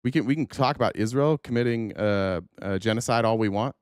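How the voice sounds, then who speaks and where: A man's voice: medium pitch, a little fast, a little mellow, clean tone, dry recording, studio quality. A man hosting a political talk show, ranting angrily and swearing, choked up at times. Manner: angry, profane ranting. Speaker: podcast host. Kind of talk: political commentary.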